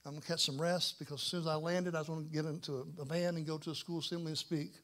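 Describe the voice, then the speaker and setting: High-voiced preacher telling a story. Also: male voice, very fast. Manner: animated, self-mocking, acts out dialogue. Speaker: pastor. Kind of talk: storytelling sermon.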